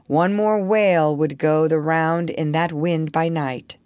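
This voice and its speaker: A woman narrator reading a storybook aloud in a measured, expressive way. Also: sits low, no room sound.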